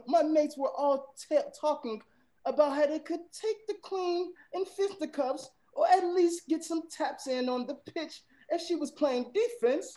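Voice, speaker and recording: A man's voice: very high-pitched, darkish tone, pitched above the performer's own voice, poor audio. A man putting on a drifting British accent to voice a young lad chatting about football with his mates, with playful, exaggerated slang. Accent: put-on British, drifting.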